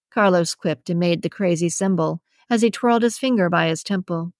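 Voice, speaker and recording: A woman reading a romance novel aloud as audiobook narrator, in an even, measured storytelling manner. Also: on the low side, no echo, clean studio sound. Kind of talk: scripted narration.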